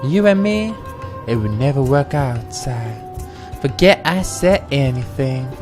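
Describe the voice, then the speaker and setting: A man's voice: mid-range voice, expressive, a little slow, over music, natural voice. A man voicing a reformed female thief with a put-on Southern drawl and folksy dialect. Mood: humble.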